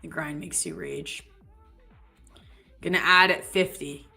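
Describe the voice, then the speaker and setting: Bright, chatty woman co-hosting a trading stream. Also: low-pitched, steady tone, slow, creaky, faint music behind. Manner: chatty, playful, jumps between topics. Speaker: live trading show co-host. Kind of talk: casual live-stream chat.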